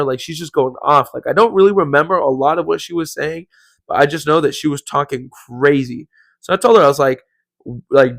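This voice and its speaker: A man's voice: on the high side, fairly quick, vocal fry, a bit bright, dry recording. A young man hosting a podcast, telling a story casually and rambling, with lots of "like" and "bro". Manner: rambling, heavy use of "like" and "bro". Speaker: podcast host.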